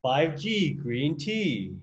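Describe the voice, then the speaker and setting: A man plays a meek, goofy husband in a comedy sketch parody. His voice is fairly high and swings around a lot, recorded with a dull, lo-fi sound. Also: sing-song, drawn-out words, exaggerated voice. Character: meek husband of the sanctuary owner.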